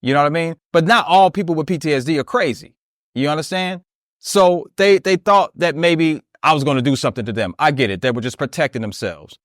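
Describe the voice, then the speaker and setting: A man with a fairly high speaking voice recounts events in a casual interview. He acts out each exchange and keeps checking in with "you know what I mean?" The sound is dry and close. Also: fairly quick, dry recording. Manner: animated retelling that acts out dialogue, often asks "you know what I mean?". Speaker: interview guest.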